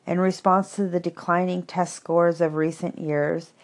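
Audiobook narrator, woman, measured and wry, unhurried pace. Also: lowish voice, level tone. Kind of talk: audiobook reading of reflective prose.

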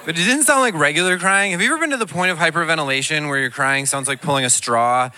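A man doing a stand-up comedy set, telling self-deprecating stories in an animated way. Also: on the high side, fast.

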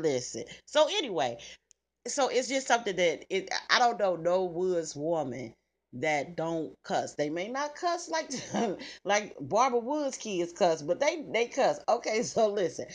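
A middle-aged woman, telling stories to her listeners in a blunt, salty way with plenty of cussing. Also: medium pitch. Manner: blunt, salty, cusses freely, talks straight to listeners. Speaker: podcast host. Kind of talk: casual storytelling chat.

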